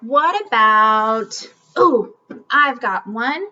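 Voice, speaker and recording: Teaching phonics to children, a woman speaks in an animated, upbeat way, enunciating clearly and drawing out her words. Her voice is on the high side with a sharp tone. The home video is slightly muffled, with slight background noise.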